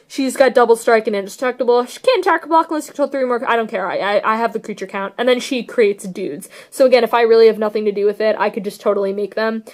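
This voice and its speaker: A young woman talks through her card deck in a loose, rambling vlog. Her voice sits a little high, and she gushes over favorite cards with plenty of fillers. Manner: gushing, rambling, filler-heavy. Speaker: card game vlogger. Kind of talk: casual deck tech chat.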